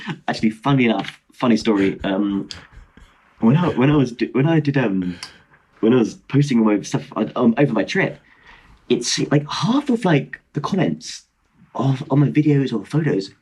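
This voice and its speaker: Excitable young man telling travel stories. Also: mid-range voice, husky. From Britain. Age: 20s. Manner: excitable, laughing, rambling anecdotes. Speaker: podcast guest, travel adventurer. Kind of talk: casual storytelling chat. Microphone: video call.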